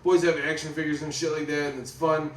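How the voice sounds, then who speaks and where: A man's voice: a little high, level tone, brisk, recorded from a distance. A man in his thirties doing a stand-up comedy set, rambling and profane, mocking himself. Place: comedy club stage. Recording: roomy club sound from off-mic, loud crowd laughter. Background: audience laughing.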